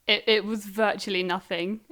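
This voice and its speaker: A woman talks as an interview guest, chatty and relaxed, and laughs easily. Her pitch sits in the ordinary middle of a woman's range. She gets lively as she tells stories. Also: moderate pace. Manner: chatty, laughs easily, animated when recalling. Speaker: guest, German learner. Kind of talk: casual interview answers.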